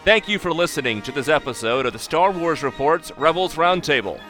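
A man reading a podcast's closing credits as a scripted announcement, in a steady, clear delivery. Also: a little high, fairly quick, faint music behind.

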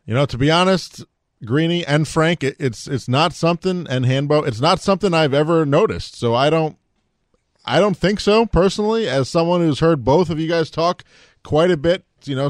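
Male radio producer, slightly high voice, dry close mic, earnest and hedging. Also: no echo. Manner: earnest, hedging, repeats himself. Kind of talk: casual sports radio banter. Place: radio studio.

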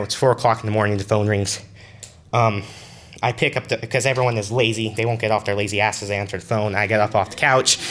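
A man's voice: lowish voice, sharp tone. Earnest young man telling a story. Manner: earnest, conversational, halting. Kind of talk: personal story told to an audience.

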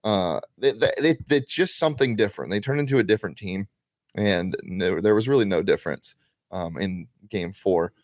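A man's voice: lowish voice, moderate pace, no echo, clean studio sound. A man hosting a sports betting show, upbeat and enthusiastic, with many ums and restarts. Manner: upbeat, enthusiastic, with frequent fillers. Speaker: host. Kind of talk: casual sports betting chat.

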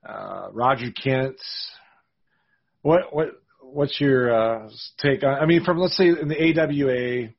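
Raspy male interviewer, eager. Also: medium pitch, slow, muffled recording. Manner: eager, short backchannels, enthusiastic fan. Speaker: interview host. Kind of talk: casual interview.

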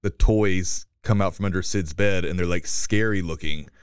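Smooth low-voiced young man, teasing. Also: no echo, clean studio sound. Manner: teasing, quick to correct, joking. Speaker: podcast co-host. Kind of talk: casual movie review chat.

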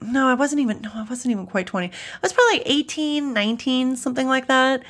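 A woman's voice: high voice, lively intonation, fast, fairly bright tone. A woman on a podcast, chatting casually and reflecting on her memories of a song, with some hesitations. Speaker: podcast co-host or guest.

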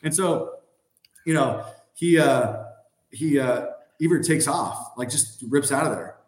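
A man's voice: mid-range voice, unhurried, reverberant. A man in his thirties, a podcast guest and former hockey player, telling a long story in a rambling, filler-heavy way. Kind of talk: casual anecdote telling.

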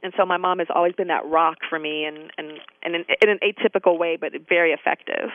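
A woman guest in a casual interview, telling lively stories and acting out bits of dialogue. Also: lowish voice, fast. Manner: lively, acts out quoted dialogue. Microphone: phone line. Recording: tinny phone line.

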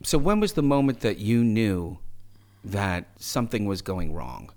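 A man's voice: on the low side, sing-song, a little slow, a little mellow. A man interviewing a guest with plain, probing questions.

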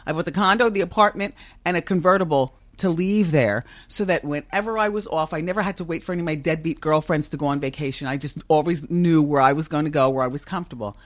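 Brief: woman, 50s, big commanding voice on the lower side, animated and emphatic, dry close podcast sound. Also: fast talker, hardly any pauses, no room sound. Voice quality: strong, commanding voice. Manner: animated, emphatic, laughs often. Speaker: talk show host as podcast guest. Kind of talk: candid interview conversation. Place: office with a kitchen upstairs.

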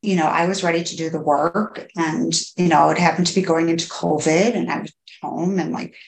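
A woman in her thirties, a podcast guest, speaking candidly and haltingly with many fillers and restarts. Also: low-pitched, steady tone, gravelly. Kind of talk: candid personal interview. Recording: echoey room.

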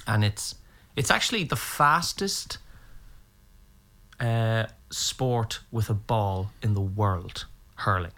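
A man's voice: on the low side, slow pace. Irish man, middle-aged, podcast guest; casual anecdotal delivery with playful impressions. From Ireland. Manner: animated, acts out voices in anecdotes. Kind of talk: casual storytelling chat.

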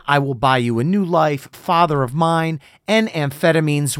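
A man's voice: on the high side, dry recording, studio quality. A man hosting an interview podcast, reading scripted introductions and questions to his guest. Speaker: podcast host.

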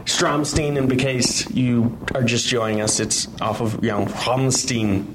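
A man's voice: mid-range voice, fairly even intonation, a little slow, background noise. A man co-hosting a podcast, chatting loosely with self-deprecating, rambling asides. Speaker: podcast co-host, website editor. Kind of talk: casual news chat.

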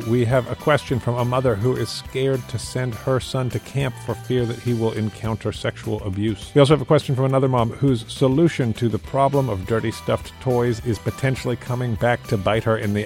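A man hosting a podcast, introducing the episode in a brisk manner and steering the talk. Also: medium pitch, steady tone, a little mellow, faint music behind. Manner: brisk, reads the show rundown. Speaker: podcast host.

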